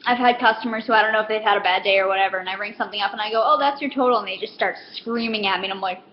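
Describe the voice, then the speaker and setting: A woman's voice: mid-range voice, steady tone, very fast. A young woman in a casual comedic monologue, rambling with lots of fillers and acting out customers. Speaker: comedic vlogger. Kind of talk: casual stand-up style monologue. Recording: roomy, dull lo-fi with faint hiss.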